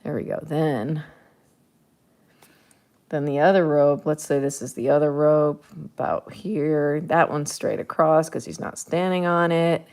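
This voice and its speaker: Slow low-voiced woman painting and chatting. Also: fairly even intonation, darkish tone. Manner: chatty, thinking aloud, playful. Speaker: artist painting on camera. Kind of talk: casual narration while painting.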